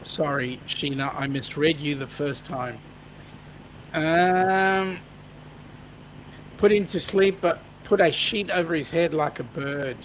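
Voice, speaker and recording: A man's voice: fairly high pitch, slow, pauses often, a bit bright, slight background noise, rough recording. An Australian man hosting a casual live-stream chat, reading out viewer comments and joking along. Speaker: host.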